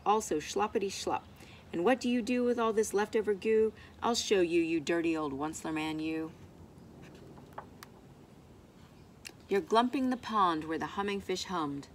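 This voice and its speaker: A woman's voice: mid-range voice, slight background noise, close to an everyday voice. A woman reading aloud voices a cross little male forest creature who scolds in a snappish way. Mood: indignant.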